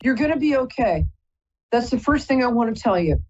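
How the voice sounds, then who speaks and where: A husky, fairly high-voiced woman talks a caller through a psychic reading on a live call-in show. She rambles and keeps breaking off to apologize. The sound is dull and lo-fi. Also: sing-song, fairly quick. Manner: chatty, rambling, often apologizing. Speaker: psychic reader and host.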